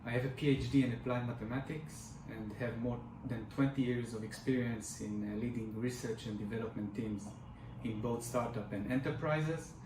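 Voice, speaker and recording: A man's voice: medium pitch, moderate pace. A man, a company technology chief, formally introducing himself at a conference. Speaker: company CTO presenting. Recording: echoey, distant, noisy.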